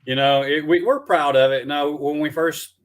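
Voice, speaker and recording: A man from Alabama with a Southern accent, chatting loosely on a video call about his documentary work, halting with many restarts and fillers. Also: a little high, fairly even intonation, a little hiss or hum. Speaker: documentary filmmaker guest. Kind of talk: casual live-stream chat.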